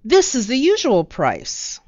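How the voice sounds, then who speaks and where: A woman's voice: a little high, wildly swooping pitch, takes it slowly, darkish tone, dry recording, muffled recording, pitched above the performer's own voice, heavily acted. A woman voicing a scornful merchant. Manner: sneering, condescending. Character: scornful mocking male merchant.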